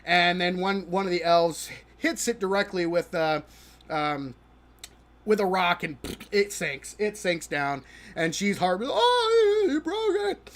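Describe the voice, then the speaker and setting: A man with a fairly high voice runs a live stream, grumbling and scoffing about a show as he plays. His delivery is halting and full of restarts, and he keeps breaking into laughter at how bad he found it. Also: a bit bright. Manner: exasperated, mocking, laughing often. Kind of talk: live-stream reaction commentary while gaming.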